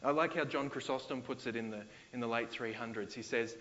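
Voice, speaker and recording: A man's voice: mid-range voice, fairly quick, few pauses, fairly bright tone, a little hiss or hum. Australian male pastor, mid-range voice, casual sermon delivery with slangy asides; slightly dull recording. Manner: conversational, paraphrases scripture in slang.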